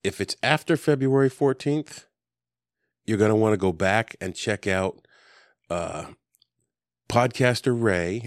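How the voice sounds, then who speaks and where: A man with a very low voice hosts a laid-back podcast, rambling along and cracking dry jokes between frequent ums. His voice is close and dry on a desk mic, with no room sound. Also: dry recording. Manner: rambling, jokey, lots of ums. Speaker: podcast host. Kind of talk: casual chat.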